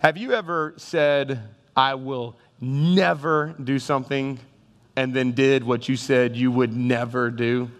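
A man's voice: mid-range voice, fairly even intonation, takes it slowly. A male pastor preaching a sermon with humor, calling out to his congregation. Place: church sanctuary. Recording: reverberant church hall.

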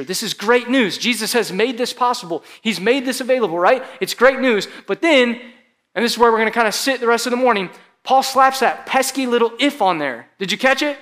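A man with a high voice preaches a casual, conversational sermon to a live congregation. He sounds informal and talkative, leaning on "like" and teasing the room as a pastor would with his regulars. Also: fairly bright tone. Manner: casual, chatty preaching with frequent "like" and audience banter. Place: church service before a live congregation.

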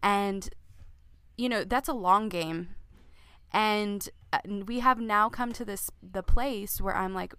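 Smooth-voiced mother in dry close sound. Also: medium pitch, slow pace, fairly bright tone, dry recording. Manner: earnest, reflective, with many fillers. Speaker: podcast co-host. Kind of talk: casual parenting chat.

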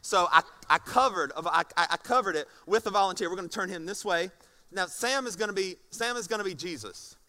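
High, bright-voiced animated male preacher. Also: a little fast. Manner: animated, swings from soft to shouting; acts out scenes for the congregation. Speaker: pastor. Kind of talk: sermon. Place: church stage before a congregation.

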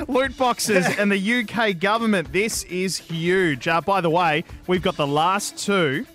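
An upbeat man opens a gaming podcast and rattles through the segments coming up. His voice is pitched high, with a faint music bed running under it. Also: unhurried, fairly bright tone. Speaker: podcast host. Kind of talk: podcast intro.

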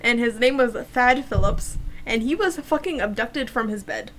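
A woman's voice: on the high side, lively intonation, moderate pace, fairly bright tone, a little hiss or hum, rough recording. A young woman casually co-hosting a podcast, telling stories with sarcasm, frequent swearing and laughter. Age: young adult. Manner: chatty, sarcastic, swears freely, laughs often. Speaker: podcast co-host. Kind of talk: casual chat and true crime storytelling.

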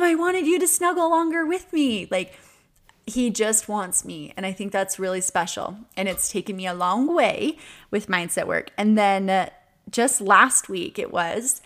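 A woman's voice: medium pitch, a little slow, a bit bright. Chatty twenties woman podcasting, earnest, laughs a lot, says like a ton. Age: 20s. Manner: earnest, chatty, laughs often, many "like" fillers. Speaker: podcast host. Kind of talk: casual reflective monologue.

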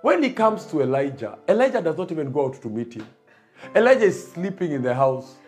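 A man's voice: a little high, big pitch swings, fairly quick, a little mellow, soft background music. A man preaching a sermon, emphatic and repetitive, building his points.

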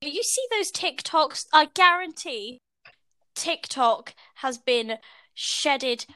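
Bright high-voiced British woman. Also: expressive, slow, no room sound. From Britain. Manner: chatty, giggly storytelling. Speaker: podcast co-host. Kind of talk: casual chat.

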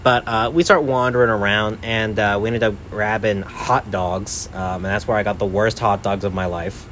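Low-voiced young man telling stories casually. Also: fairly even intonation, normal speed, a bit bright, slight background noise. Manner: rambling, peppered with "like" and "right?". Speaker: podcast host. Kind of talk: casual storytelling.

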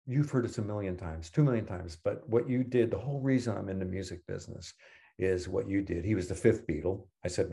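A man's voice: low voice, gravelly, dark tone. An older man co-hosting a podcast, telling long anecdotes in a casual, rambling way, full of restarts and quoted dialogue. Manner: rambling anecdotes with self-corrections. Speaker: podcast co-host. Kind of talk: casual storytelling.

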